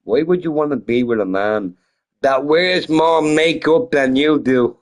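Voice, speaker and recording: Speaking in a slightly high, unhurried voice, a man chats loosely while live-streaming a game a little tipsy. He rambles, swears heavily, and laughs frequently.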